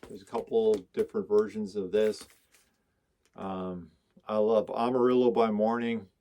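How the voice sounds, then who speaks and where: A man's voice: lowish voice, level tone, measured pace, dark tone. A man chatting casually and with enthusiasm as he shows his records, rambling from one to the next and reading off song titles. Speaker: record collector vlogger. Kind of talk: casual chat showing records.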